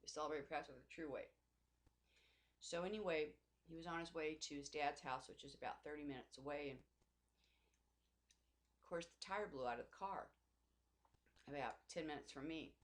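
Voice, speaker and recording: Middle-aged woman, personal faith vlogger; rambling, emotional delivery, slightly low voice. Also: normal speed, pauses often. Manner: rambling, emotional, many restarts and asides. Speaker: Christian vlogger. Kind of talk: personal faith vlog monologue.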